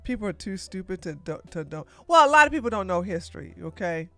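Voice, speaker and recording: A woman hosting a live-streamed political podcast, talking in an excitable, theatrical way and laughing often. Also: medium pitch, fast, soft background music. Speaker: podcast host.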